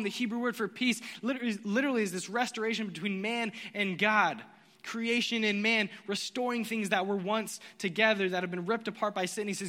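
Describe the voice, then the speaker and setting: A man preaching a sermon in a dramatic, casual way, dropping from loud, quick bursts to low, slow lines and slipping slang into his preaching. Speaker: pastor. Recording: long hall reverb.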